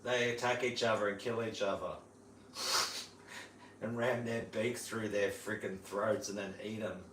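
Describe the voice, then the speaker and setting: A man's voice: fairly low pitch, flat delivery, a little slow, fairly bright tone, slight background noise. A man with an Australian accent chatting casually on a livestream, laid-back and slangy, mimicking bird calls. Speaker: livestream host. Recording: roomy sound, mic at a distance, faint ambience.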